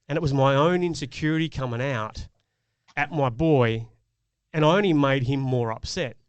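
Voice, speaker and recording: A man's voice: medium pitch, moderate pace, smooth, no room sound. A middle-aged man, a podcast co-host, telling a personal parenting story in an earnest, reflective way. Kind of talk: casual chat.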